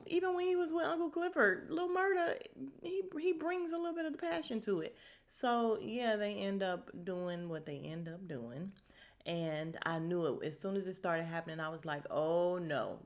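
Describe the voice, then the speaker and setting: A woman hosting a casual podcast, recapping a TV episode, acting out the characters' lines and laughing often. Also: lowish voice. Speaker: podcast host.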